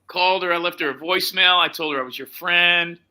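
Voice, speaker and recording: A man's voice: sits high, a little fast, smooth. A man telling a story in a casual chat, acting out both sides of a phone call and swearing freely. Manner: animated storytelling, acts out quoted phone dialogue, swears.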